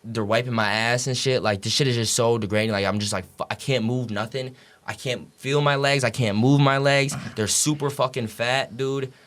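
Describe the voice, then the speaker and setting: A man's voice: mid-range voice, steady tone, moderate pace, a bit bright. A young man telling a story as a podcast guest, casual and profane, packed with "like" and "dude".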